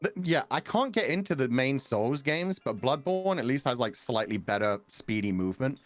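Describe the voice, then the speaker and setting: A man's voice: medium pitch, sing-song, moderate pace, dry recording, soft background music. A man with a British accent, chatting casually as a stream guest, dry and joking, laughing often.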